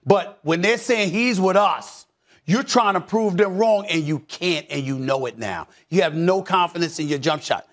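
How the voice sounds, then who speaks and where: A middle-aged man giving heated sports commentary, emphatic, repeating phrases and swinging from low mutters to shouts. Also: moderate pace.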